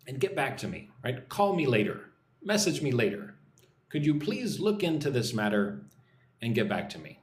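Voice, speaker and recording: A man's voice: a little high, echoey room. A man from the United States teaching an English lesson on a live stream, drilling phrases, reading out viewer comments and checking in with "right?". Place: indoors, in Vietnam.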